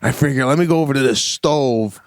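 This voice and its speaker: A middle-aged man co-hosting a podcast, telling a story in casual comedic chat, animated and swearing. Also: medium pitch, brisk, no echo, clean studio sound. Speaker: podcast co-host.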